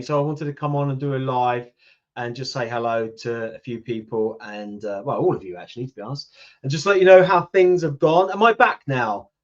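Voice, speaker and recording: A man in his fifties with a British accent, chatting casually with viewers on a livestream and answering their comments. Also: medium pitch. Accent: British English. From United Kingdom. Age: 50s. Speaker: YouTube channel host. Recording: lo-fi livestream audio.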